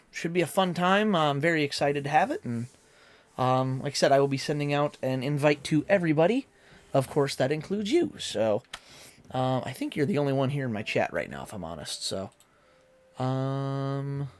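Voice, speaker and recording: A man streaming live who chats casually with his viewers, rambling and filling pauses with lots of ums and uhs. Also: mid-range voice, a bit bright. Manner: rambling and talkative, many fillers.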